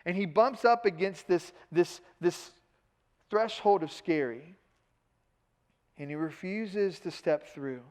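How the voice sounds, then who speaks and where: High-voiced pastor preaching in a hall. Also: male voice, slow, pauses often. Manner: animated, acts out Peter's lines in a casual modern voice; repeats words when excited. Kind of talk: sermon. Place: church sanctuary.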